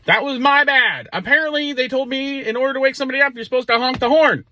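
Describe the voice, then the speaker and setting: A man with a high, bright voice tells a story in a casual vlog. He sounds expressive and exasperated, and he acts out the dialogue himself. The recording is close and dry, with no room sound. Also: fast talker, no room sound, low-quality recording. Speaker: rideshare driver.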